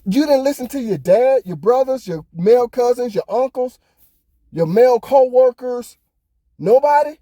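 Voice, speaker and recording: A man's voice: extremely high pitch, moderate pace, dark tone, no room sound, clean studio sound. A man hosting a podcast, ranting heatedly in casual talk, swearing often. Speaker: podcast host. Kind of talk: casual opinion monologue.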